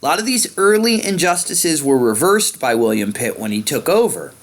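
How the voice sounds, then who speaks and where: A man's voice: on the high side, big pitch swings, normal speed. Man giving a casual history lecture. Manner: conversational, many fillers, pointing at a map. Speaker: history teacher. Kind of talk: informal lecture.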